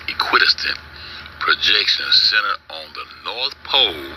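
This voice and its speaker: In a noisy home recording, a man with a low, bright, forceful voice hosts a casual online show. He rants, argues and curses while reading search results aloud.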